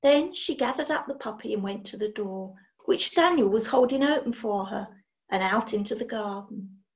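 A woman reading a children's story aloud in an expressive, animated way. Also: medium pitch, normal speed. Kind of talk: children's book read-aloud.

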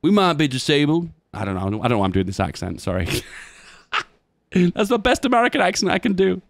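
A man's voice: sits high, wildly swooping pitch, fairly quick, gravelly, no echo. A man rambling and musing aloud in casual chat while commenting on gameplay.

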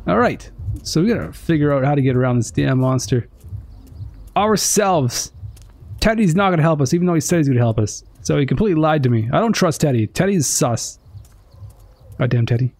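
A gaming streamer reacting excitably and with profanity while playing through a game. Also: medium pitch, brisk. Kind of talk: let's play commentary.

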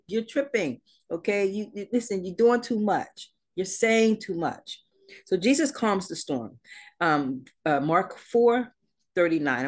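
A middle-aged woman minister giving a casual sermon, with slangy asides and a closing prayer. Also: low voice. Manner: conversational preaching with slang and asides, ending in prayer.

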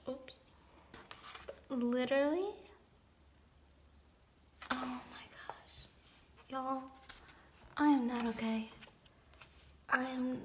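A young woman unboxing an album in a casual vlog, gushing with delight and swinging between excited squeals and hushed whispers. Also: sits high, slight background noise.

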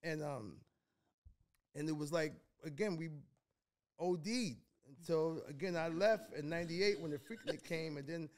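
A man's voice: on the high side, normal speed, a little mellow. A man in his fifties from New York, a guest telling stories in a casual interview, rambling and repeating words.

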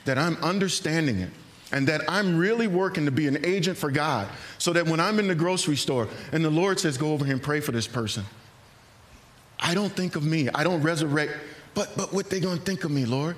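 A man preaching a sermon in a church, earnest and animated, acting out hesitant asides. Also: a little high, fairly quick. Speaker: pastor. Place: church sanctuary.

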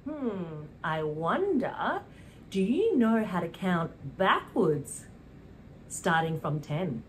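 A young woman with a British accent, presenting a preschool lesson in a slow, sing-song, animated way, with gasps and cheers. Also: lowish voice, slight background noise. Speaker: children's presenter. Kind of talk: preschool teaching.

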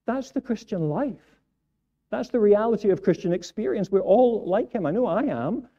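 A Scottish man preaches in a church, his voice very dark and mellow in timbre. He drops to soft, reflective stretches and then builds to loud, emphatic peaks. The recording is muffled and lo-fi. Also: high voice, normal speed. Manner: animated preaching, builds to raised emphatic passages. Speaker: pastor. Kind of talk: sermon. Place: church sanctuary. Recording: dull lo-fi sound.

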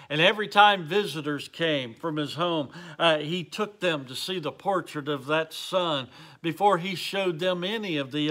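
Man, Bible study teacher, very slow, bright voice, somewhat high, earnest storytelling. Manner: earnest, deliberate storytelling to a camera audience.

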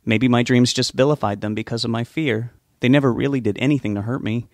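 A man's voice: medium pitch, steady tone, a little fast, dry recording, clean studio sound, lightly acted. A man reading an audiobook, voicing an anxious, stubborn young man who talks in an earnest, pleading way. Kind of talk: audiobook character voice.

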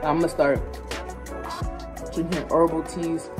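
A young woman with a Philadelphia accent talks straight to her viewers in a loose, slang-heavy vlog, her voice sitting low. She films on a phone held at arm's length, and music plays clearly under her talk. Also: flat delivery, measured pace. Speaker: vlogger. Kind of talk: casual vlog chat. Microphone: phone camera at arm's length.

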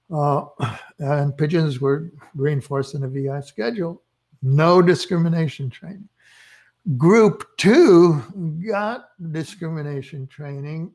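A man giving a recorded lecture, talking with many fillers and restarts and an eager tone about the experiments he explains. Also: fairly high pitch. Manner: enthusiastic about experiments, chuckles.

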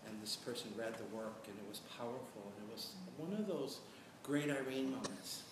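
A middle-aged man on a panel, telling stories in an animated, chatty way and checking in with "right?". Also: medium pitch, moderate pace. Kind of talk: storytelling on a panel. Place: large echoey hall at a panel event. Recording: echoey hall from far off, noisy.

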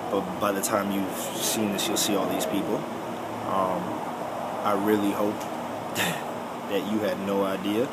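Nervous young man talking over car noise. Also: fairly low pitch. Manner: hesitant, halting, with many repeats. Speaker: filmmaker recording a behind-the-scenes video. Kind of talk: casual video diary. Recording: loud car and air conditioning noise.

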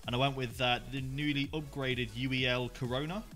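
Laid-back gamer, bright voice. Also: male voice, medium pitch, steady tone, fairly quick. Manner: laid-back, hesitant with many fillers. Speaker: guest player. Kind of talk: casual gaming chat.

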